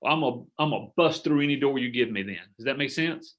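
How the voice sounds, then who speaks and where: A middle-aged man coaching a group over a video call, earnest and animated, acting out sample sales conversations. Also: medium pitch, a little fast. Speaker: business coach. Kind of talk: coaching workshop talk.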